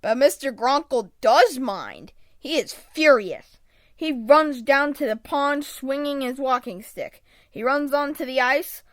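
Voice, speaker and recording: A woman reading a children's picture book aloud in an expressive read-aloud manner, close to a home microphone. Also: sits high, slow, dry recording. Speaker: storybook reader.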